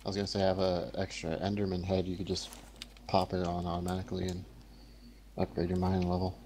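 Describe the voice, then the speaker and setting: A man's voice: low-pitched, completely flat delivery, fast, mellow, slight background noise. A man explaining things helpfully while gaming with friends. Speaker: player. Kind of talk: casual gaming chat.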